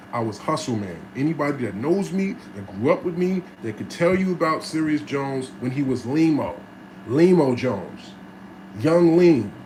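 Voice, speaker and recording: A streetwise man talking through his life story in a loose, animated monologue, cursing freely and slipping into the voices of the people he describes. His voice sits a little high for a man. A faint hiss of background noise runs under the recording. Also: low-quality recording.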